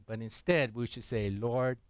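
A male pastor preaching in a conversational way, pausing for listeners to finish verses aloud and asking lots of rhetorical questions. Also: mid-range voice, clear, resonant tone, no echo. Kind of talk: sermon.

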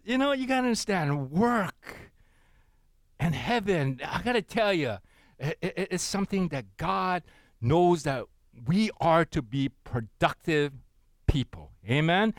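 A middle-aged man preaching a sermon, animated and repetitive, often calling for responses from the congregation. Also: fairly high pitch, no room sound, clean studio sound.

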